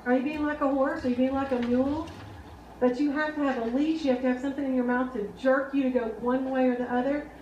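High-voiced woman preaching in an echoey hall. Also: steady tone, quick pace, a little mellow, highs cut off, slight background noise. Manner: earnest, conversational, asks the crowd questions. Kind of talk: sermon. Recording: echoey hall, mic at a distance.

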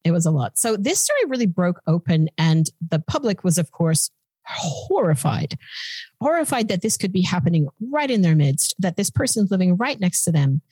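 A woman's voice: on the low side, sing-song, fairly quick, few pauses, dark tone, husky, dry recording. A woman hosting a podcast, casually telling a true-crime story in a chatty, blunt way. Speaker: podcast host.

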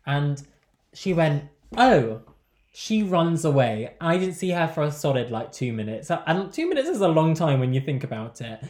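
A man's voice: on the high side, normal speed, reverberant. A young man telling a night-out story in casual podcast chat. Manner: chatty, animated storytelling.

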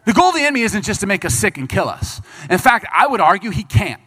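Preacher guy, kinda high voice, swings up and down a lot, acts out little bits as he goes. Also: slightly rough. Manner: animated preaching, voices Bible figures and people in quick asides. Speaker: pastor. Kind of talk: sermon.

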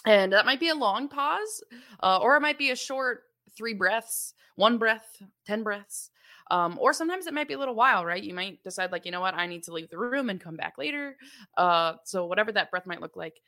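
A woman's voice: medium pitch, expressive, fairly quick, pushed and bright. A young adult woman co-hosting a parenting podcast, explaining things in a chatty, casual way with frequent laughs and fillers. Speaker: podcast co-host.

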